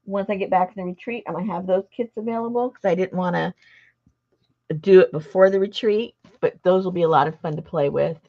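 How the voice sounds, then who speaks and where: Crafting-show host, woman, low gravelly voice, rambling chat, lo-fi sound. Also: brisk. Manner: rambling, chatty, self-interrupting. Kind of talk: casual chat while crafting.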